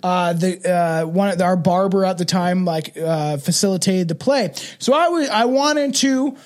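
A man with a notably high voice hosts a casual podcast chat. He rambles through stories, full of fillers and restarts. He sounds like a man in his thirties from Canada. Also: unhurried. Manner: rambling storytelling with frequent fillers and laughs. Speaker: podcast host.

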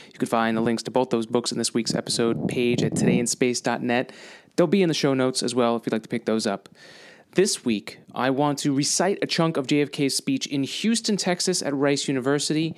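A man hosting his own science podcast, talking in an upbeat, conversational way and correcting himself now and then. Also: mid-range voice. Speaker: podcast host and science communicator.

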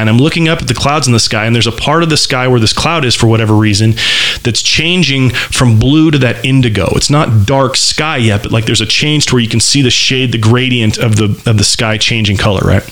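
A man casually telling a personal story in conversation, candid and loose, with lots of fillers and restarts. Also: mid-range voice. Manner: vivid, animated description.

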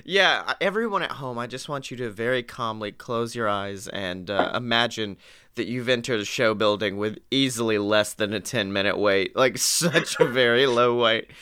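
Young guy cohosting, tired, rambly and swears, bright clean voice. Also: medium pitch, moderate pace, smooth. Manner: rambling, jokey, profane. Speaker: podcast co-host. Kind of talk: casual chat.

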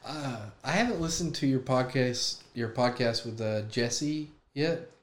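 A man guesting on a podcast, telling stories in an animated, joking, casual way. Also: medium pitch, unhurried, slight background noise. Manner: animated, jokey storyteller. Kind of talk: casual chat.

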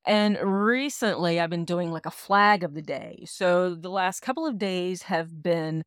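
A woman's voice: on the low side, a little slow, no room sound, clean studio sound. A woman co-hosting a casual podcast, talking frankly and laughing often. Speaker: podcast co-host.

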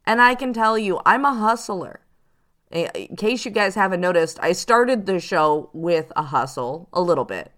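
A woman giving casual advice to viewers as a psychic show host, chatty and animated, now and then acting out the people she warns about. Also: fairly low pitch, normal speed. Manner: chatty, animated, acts out quoted hustlers.

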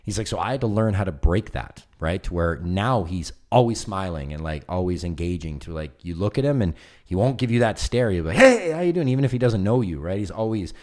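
A man with a very low, deep voice chatting casually. He tells long stories with lively energy and slips into the voices of the people he quotes. The talk is loose and conversational. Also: fairly quick. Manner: animated storyteller, acts out quoted voices. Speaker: film producer guest. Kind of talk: casual chat.

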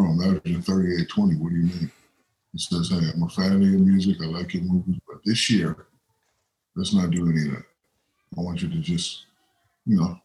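Brief: deep male guest spinning anecdotes, roomy echo. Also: mellow. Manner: rambling anecdotes with quoted voices. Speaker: interview guest. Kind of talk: casual storytelling.

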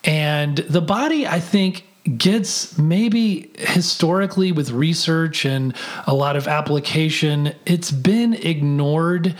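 Co-host with a mid-range voice, earnest and explanatory, teaching in a relaxed podcast talk. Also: medium pitch, takes it slowly. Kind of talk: reflective podcast conversation.

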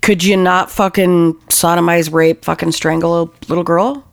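A woman's voice: on the low side, steady tone, normal speed, gravelly, no room sound. A woman co-hosting a casual true crime podcast, recounting a case with anger and heavy swearing. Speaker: podcast co-host.

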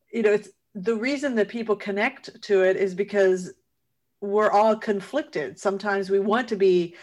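A woman interviewing a comedian, thinking aloud with hesitant fillers. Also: mid-range voice. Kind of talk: conversational interview.

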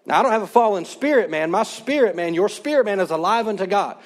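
A man's voice: high voice, expressive, fast. A man in his thirties, a pastor, preaching a sermon in an earnest, conversational way.

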